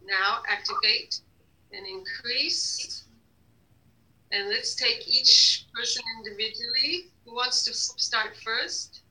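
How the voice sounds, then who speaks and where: A woman leading a guided energy healing session, giving slow repeated commands to an unseen device with many hesitations. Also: fairly high pitch, pushed and bright, rough recording.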